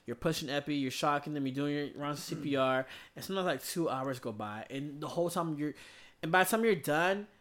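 A man's voice: fairly high pitch, fairly quick, fairly bright tone. A man who works as an emergency room nurse, talking in a rambling, profane, casual way about his shifts. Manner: rambling, profane, many fillers. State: tired. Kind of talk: casual podcast chat.

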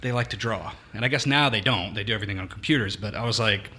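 A laid-back man from with a lowish voice. He chats casually as a podcast guest, self-deprecating and full of fillers. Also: quick pace, pushed and bright, husky. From Louisiana, USA. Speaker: actor guest. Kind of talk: casual interview chat.

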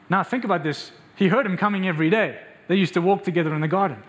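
Talking fast with few pauses, this man has a fairly bright tone. He's a pastor delivering a sermon, putting questions to the crowd and performing quoted voices in a raised pitch.

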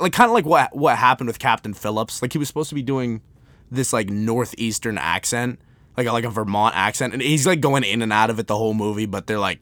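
A young man rambling through a solo podcast, packing his talk with fillers and jokey asides. His voice sits at an ordinary middle pitch, recorded dry and close. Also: animated, brisk, a bit bright, no echo. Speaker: podcast host. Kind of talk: casual solo podcast monologue.

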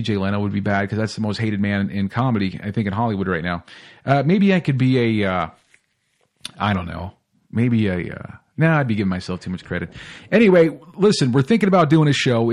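A man hosting a podcast, talking casually in an enthusiastic, rambling way and often correcting himself. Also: fairly low pitch. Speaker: podcast host.

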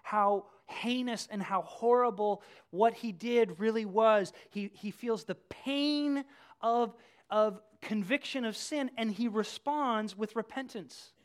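A pastor preaching a sermon, telling the story with animated swings from hushed to loud. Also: mid-range voice, takes it slowly, clean tone.

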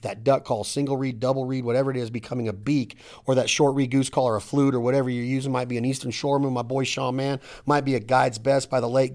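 A middle-aged man hosting a casual hunting podcast, talking in an energetic, emphatic, rambling way. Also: medium pitch. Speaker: podcast host.

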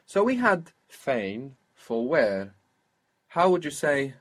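A man's voice: medium pitch, very animated, slow pace, a bit bright. A man teaching a spoken language lesson, patiently coaching pronunciation step by step.

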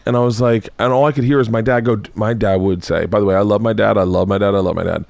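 A man's voice: fairly low pitch, steady tone, fast, creaky, darkish tone, no room sound. A middle-aged man hosting a podcast, telling stories bluntly and profanely in casual chat. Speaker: podcast host. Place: indoor home studio.

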